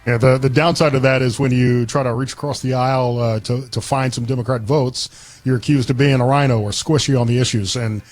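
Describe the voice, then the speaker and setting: A man's voice: mid-range voice, fairly even intonation, brisk, dry recording. A man filling in as host of a radio talk show, chatting in an easygoing, conversational way from a studio, often restarting his sentences. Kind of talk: casual talk radio chat.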